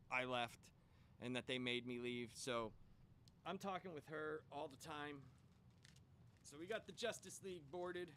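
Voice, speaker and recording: A man hosting a comic book channel, telling a long story in a casual, animated way and swearing when he gets worked up. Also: medium pitch, a little hiss or hum.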